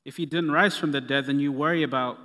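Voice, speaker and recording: A man preaching a sermon in a relaxed, conversational way with playful asides. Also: medium pitch, fast. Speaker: pastor. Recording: long reverb of a hall.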